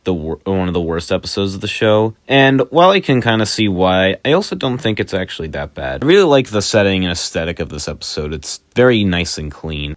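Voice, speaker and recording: A young man with a very deep voice walks through a cartoon episode in a relaxed, chatty recap. He drops wry asides along the way. The sound is dry and close, with no room around him. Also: no room sound. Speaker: show reviewer.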